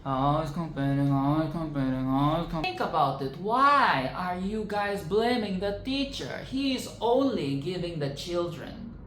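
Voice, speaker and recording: A woman with a low, unhurried voice reacts to a film in a sassy, outspoken way, swearing freely and ranting. Her voice sounds roomy and echoey, with a faint hiss of noise behind it. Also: sing-song, a bit bright. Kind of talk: casual film commentary.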